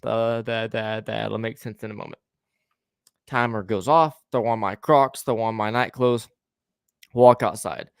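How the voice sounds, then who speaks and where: A man's voice: lowish voice, fairly even intonation, unhurried, vocal fry, smooth, no room sound, studio quality. A man casually telling a story to a co-host, rambling with stammering restarts and swearing, acting out the lines of the people in it.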